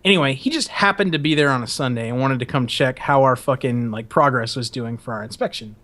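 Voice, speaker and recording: A man's voice: mid-range voice, a little fast, fairly bright tone. A man hosting a podcast, telling rambling, profane stories in a casual chat and laughing as he goes. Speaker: podcast host.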